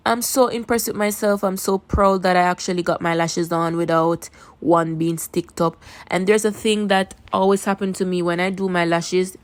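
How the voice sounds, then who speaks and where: A woman with a Jamaican accent chats her way through a makeup tutorial recorded on a phone. Her voice sits a little low. She talks casually and leans on repeated words to stress each step. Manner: chatty, repeats words for emphasis. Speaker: makeup vlogger. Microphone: phone camera.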